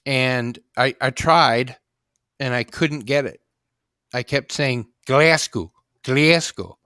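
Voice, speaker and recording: Slow, halting host with a smooth voice. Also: male voice, mid-range voice, steady tone, pushed and bright, dry recording, clean studio sound. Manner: slow and halting, many fillers like uh and you know. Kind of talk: casual chat.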